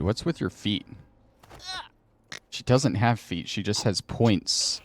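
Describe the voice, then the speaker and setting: Low, slow-talking male game streamer. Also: dry recording. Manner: muttering to himself, thinking aloud. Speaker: gaming channel host. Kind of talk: casual gameplay commentary.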